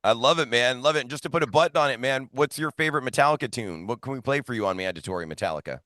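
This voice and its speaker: A male radio host chats casually with his guest, keeping his questions friendly and short. His voice is mid-pitched and the sound is dry and close. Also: expressive, very fast, fairly bright tone, dry recording. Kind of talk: casual interview.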